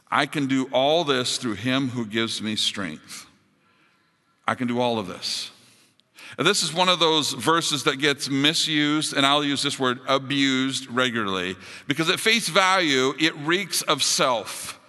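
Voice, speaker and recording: A man preaching a sermon as pastor, building to emphatic high points and dropping to soft, quiet appeals. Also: animated, a little slow, long reverb tail. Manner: rises to emphatic peaks, drops to soft closing appeals.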